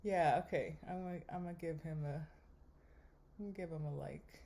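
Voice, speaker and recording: A young woman giving wry, deadpan running commentary while swiping through a dating app. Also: sits low, moderate pace. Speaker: vlogger.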